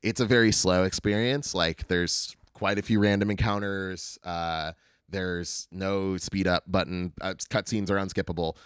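Man, podcast co-host, low voice, smooth, casual game chat, swears. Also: a little slow, no room sound, clean studio sound. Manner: animated, swears freely, acts out game lines. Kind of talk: casual chat about video games.

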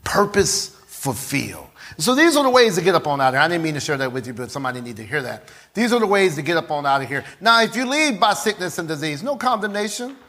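A middle-aged male pastor delivering a sermon in a voice pitched a touch above most men's. He leans hard on repeated phrases and draws the congregation into call and response. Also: very animated, fast, hardly any pauses, bright, forceful tone. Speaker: preacher.

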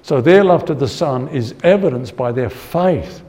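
A man's voice: mid-range voice, animated, moderate pace, a little mellow. A man preaching a Bible-teaching sermon in a conversational way, repeating his key points and often saying "you know.".

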